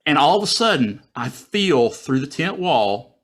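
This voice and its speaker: A man telling a personal story in a casual way, acting out his own thoughts in a raised, excited voice, heard over a video call. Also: a little high, measured pace. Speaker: guest storyteller.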